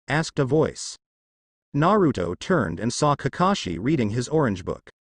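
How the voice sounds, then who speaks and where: A man narrating a fan fiction story in a plain, steady reading. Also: medium pitch, moderate pace, no echo, clean studio sound.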